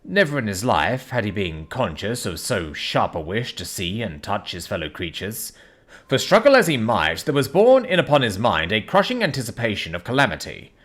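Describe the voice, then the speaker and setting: Expressive male audiobook narrator. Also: medium pitch. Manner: dramatic, expressive reading. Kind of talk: scripted narration.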